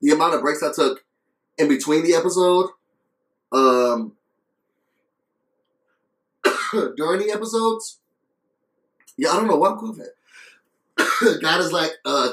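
Earnest guy vlogging a review, kinda high voice, coughs a lot, roomy echo. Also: a little slow, long pauses, a bit bright. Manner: earnest, coughing between phrases; passionate, repeats phrases. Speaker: video reviewer. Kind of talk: casual vlog review.

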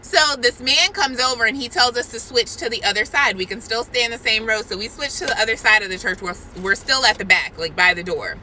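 A woman shares a faith testimony in a casual, animated way, talking straight to her viewers. Her voice sits fairly high and rings very bright. A faint hum of background noise runs underneath. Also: brisk, hardly any pauses, rough recording. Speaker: Christian vlogger sharing a prophetic word.

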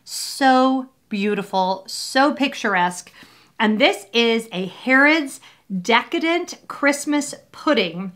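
A woman's voice: a little high, lively intonation, slow pace, fairly bright tone. A woman hosting a casual unboxing video, talking in a cheerful, rambling way and joking about herself. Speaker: vlogger host.

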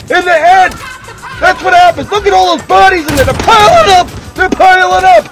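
A man's voice: very high-pitched, lively intonation, moderate pace. An older man giving boastful, profane trash-talk commentary over his own online shooter match, cackling as he goes. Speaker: gamer. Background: music and gunfire.

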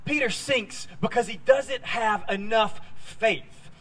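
A man preaching a sermon as a pastor, telling a Bible story with lively, acted-out quoted lines. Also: high voice, slow pace, breathy edge. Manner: animated storytelling, acting out quoted voices. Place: church sanctuary.

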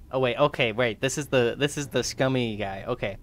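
A man's voice: mid-range voice, moderate pace. A young man playing a horror game on his channel, chatting casually, swearing and laughing as he reads in-game notes aloud. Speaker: gaming YouTuber. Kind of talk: let's play commentary.

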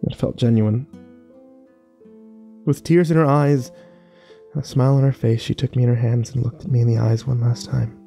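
A man narrating a first-person horror story slowly and wistfully, with small restarts. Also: mid-range voice, fairly even intonation, creaky, dark tone, faint music behind.

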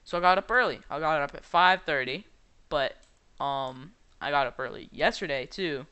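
Young male gaming vlogger, rambling and hesitant, bright crisp tone, a bit high. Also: moderate pace. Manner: rambling, hesitant, many fillers. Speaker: gaming YouTuber. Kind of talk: casual gameplay commentary.

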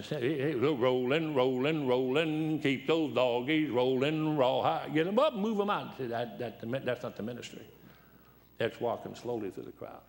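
A seventy-year-old preacher with a gravelly, worn-out voice, preaching in a church. He moves through joke after joke and story after story in a loose, folksy way, at a middle pitch. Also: darkish tone. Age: 70s. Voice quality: worn, dried-up voice. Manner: joking, folksy, full of anecdotes. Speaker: guest preacher.

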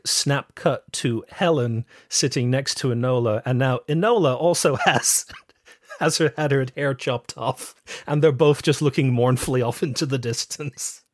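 A man co-hosts a movie review podcast in a middle-pitched voice. He retells scenes in a dry, measured and quietly amused way. The recording is close and dry. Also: no echo. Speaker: podcast co-host. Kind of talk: casual movie review chat.

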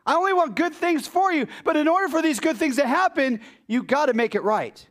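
A man voicing a caring prophet who gives earnest, gentle advice. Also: very high-pitched, lively intonation, a little fast, voice pushed up, heavily acted.

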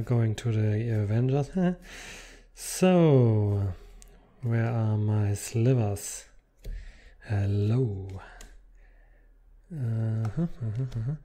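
A man's voice: lowish voice, warm tone. A man casually commenting while unboxing trading cards, reading card text aloud between muttered asides.

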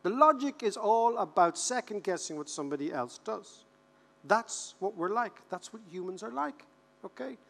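Animated Irish man giving a keynote. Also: high voice, moderate pace, gravelly. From Ireland. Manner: animated, joking storyteller who repeats words for effect. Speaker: keynote speaker. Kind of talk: conference keynote speech. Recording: reverberant hall.

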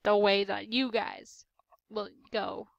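A tired young woman giving hushed, rambling, offhand commentary while playing a game at home. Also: medium pitch, flat delivery, takes it slowly, vocal fry, no echo, highs cut off. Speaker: gameplay narrator. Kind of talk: casual let's-play commentary. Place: home room with roommates nearby.

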